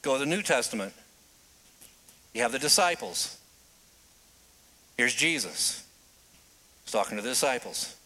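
A man preaching a sermon, telling the story with animated delivery and dramatic pauses. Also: medium pitch.

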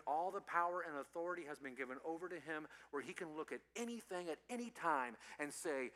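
A male pastor giving an animated, playful sermon to children and youth, quizzing the audience as he goes. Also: fairly high pitch, fast, few pauses, in a large hall. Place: church.

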